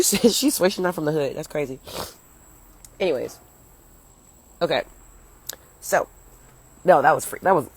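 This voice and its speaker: A woman's voice: sits low, slightly rough, low-quality recording. A young woman from the United States, a comedian, telling a rambling story on a livestream from her phone at home, swearing freely and breaking off to chat with viewers. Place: at home, partly outdoors. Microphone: phone at arm's length.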